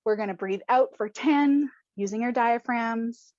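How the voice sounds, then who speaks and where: A woman coach leading a stress-release exercise, playful and encouraging, laughing often and breaking into loud cheers. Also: on the high side, measured pace, no room sound, highs cut off. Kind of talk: guided group exercise instruction.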